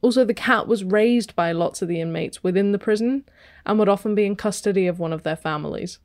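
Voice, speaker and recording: A woman's voice: medium pitch, brisk, darkish tone, dry recording, studio quality. A woman co-hosting a podcast, reading out a story in a playful way. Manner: playful, laughs often, reads stories aloud. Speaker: podcast co-host. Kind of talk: casual storytelling chat.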